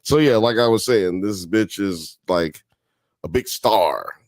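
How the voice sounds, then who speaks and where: A male live-stream host talks in a low, unhurried drawl, cursing casually and bantering with viewers as he reads their comments. His voice is dry and close to the mic, with no room sound. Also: dry recording. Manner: profane, loose and joking, reading chat comments aloud.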